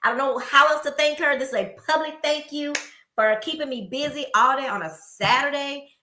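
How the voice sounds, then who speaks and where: A middle-aged woman co-hosting a podcast, chatting casually and telling stories with lively, acted-out quotes. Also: sits high, a little fast, a little hiss or hum. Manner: animated storytelling, acting out quoted people. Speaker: podcast co-host. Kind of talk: casual chat. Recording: echoey room.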